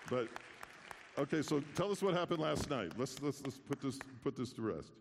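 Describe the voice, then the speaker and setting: A man's voice: medium pitch, normal speed, creaky, crowd noise, background noise. Pastor in a reverberant church, man. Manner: relaxed, conversational, dry humor. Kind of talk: informal sermon. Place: church sanctuary. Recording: long church hall reverb.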